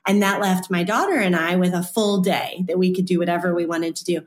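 A woman's voice: fairly low pitch, brisk. Chatty woman telling a story, roomy echo. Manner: animated, chatty. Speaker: guest author. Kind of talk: storytelling in an interview.

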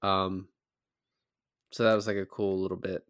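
A man co-hosting a casual movie podcast, retelling scenes with lots of laughter and loud acted-out quotes. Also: sits low, normal speed, no room sound, clean studio sound. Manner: animated retelling, laughs often, acts out quoted lines loudly. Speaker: podcast co-host.

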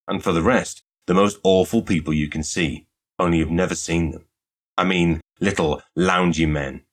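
A man's voice: low voice, slightly rough. A man reading aloud and voicing an impatient, emphatic young woman who serves in a pastry shop. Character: young woman shop attendant, brisk and exasperated.

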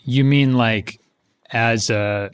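Understated, dry male co-host for a comedy podcast, mid-pitched voice. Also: steady tone, extremely slow, clear, resonant tone, dry recording. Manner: dry, understated playful banter. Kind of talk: casual comedic chat.

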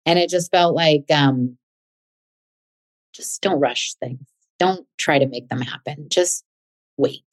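Female podcast host, low voice, casual storytelling with a chatty, filler-heavy delivery. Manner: chatty, rambling, many likes and fillers.

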